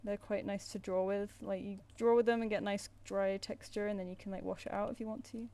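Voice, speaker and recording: She speaks briskly in a warm, medium-pitched voice with a flat delivery. An English streamer and artist with a Southern English accent, she chats casually while drawing in her home flat with a cat, rambling and restarting her sentences.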